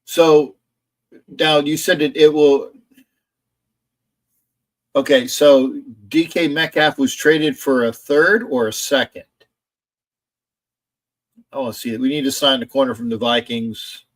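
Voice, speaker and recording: A man's voice: mid-range voice, steady tone, slow pace, pauses often. Rambling man streaming football talk. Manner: rambling, reads chat aloud and argues with it. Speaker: sports streamer. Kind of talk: casual live stream chat. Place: indoor home streaming setup.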